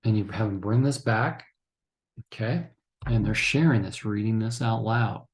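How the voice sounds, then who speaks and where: A man with a somewhat low voice, speaking at normal speed, delivers a recorded training lecture for counselors. He teaches instructively, often checks in with "okay?", and acts out couples' lines in quotes.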